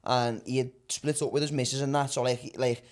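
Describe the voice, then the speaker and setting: A young man with a Liverpool accent, co-hosting a podcast and telling stories in fast, slangy casual chat. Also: medium pitch, level tone. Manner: fast anecdotal storytelling with slang and swearing. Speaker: podcast co-host.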